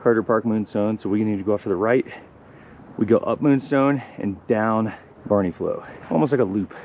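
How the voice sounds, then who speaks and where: A man's voice: fairly low pitch, moderate pace, lo-fi sound. Chatty man vlogging outdoors, noisy recording. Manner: chatty and upbeat, talking to viewers while biking. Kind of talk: casual outdoor vlog narration. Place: outdoors on mountain trails at high altitude.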